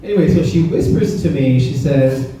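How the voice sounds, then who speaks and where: A man's voice: a little high, expressive, normal speed, dark tone. A man performing a stand-up comedy set on stage, teasing the crowd with a punchy, conversational delivery. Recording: roomy, distant club recording with faint noise.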